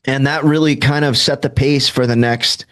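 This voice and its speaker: A man's voice: mid-range voice, steady tone, normal speed. Candid man telling his recovery story. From Southern California. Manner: casual, self-deprecating, filler-heavy, acts out quoted dialogue.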